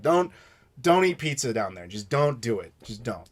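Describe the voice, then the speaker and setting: A man's voice: medium pitch, lively intonation, brisk. An American man in his thirties hosting a live stream Q&A, opinionated and ranting, swearing casually as he answers viewers. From United States. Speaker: channel host answering live questions.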